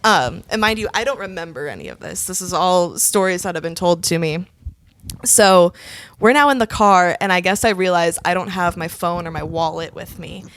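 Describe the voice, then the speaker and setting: A woman's voice: fairly low pitch, moderate pace, a bit bright, no room sound. A young woman in her twenties, a podcast co-host, telling a story in casual chat, laughing often and swearing freely.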